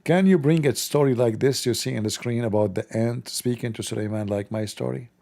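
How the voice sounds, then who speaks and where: A man's voice: medium pitch, fairly quick, creaky, dark tone. A middle-aged man hosting a livestream, shifting between casual chat and blunt, mocking preaching in broken grammar. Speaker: livestream host.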